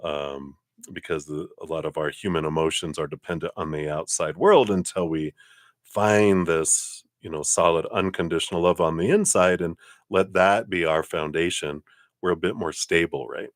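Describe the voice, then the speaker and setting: A man's voice: deep voice, fairly even intonation, normal speed, no echo, studio quality. A man doing a live-stream tarot card reading, rambling with many fillers, self-corrections and frequent laughs. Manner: laughs often between remarks.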